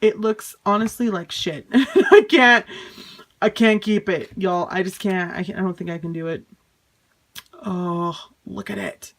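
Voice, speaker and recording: A woman's voice: medium pitch, unhurried. A young woman in a casual home unboxing vlog, chatty and exasperated, swearing and laughing things off. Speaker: vlogger.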